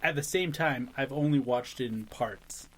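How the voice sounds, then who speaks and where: A man's voice: medium pitch, normal speed, low-quality recording. A man co-hosting a podcast, talking casually and rambling a bit as he recalls shows. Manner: relaxed, rambling, laughs a lot. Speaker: podcast co-host. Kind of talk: casual chat.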